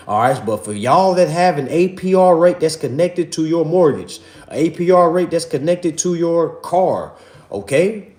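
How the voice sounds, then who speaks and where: Animated man lecturing on a livestream. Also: on the high side, roomy sound. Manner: preachy, repetitive, calls viewers "family" and "y'all". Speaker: livestream host teaching a finance class.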